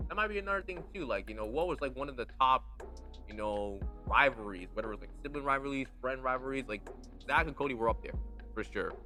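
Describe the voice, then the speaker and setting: A man hosting a podcast in a casual solo chat, talking with slang and emphasis, dropping to low asides and rising to excited highs. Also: quick pace, soft background music. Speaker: podcast host.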